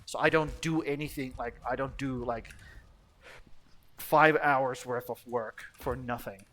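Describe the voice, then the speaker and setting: A man's voice: medium pitch, fairly even intonation, unhurried, fairly bright tone. A man chatting casually while streaming a game, rambling and swearing bluntly. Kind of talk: casual gameplay chat.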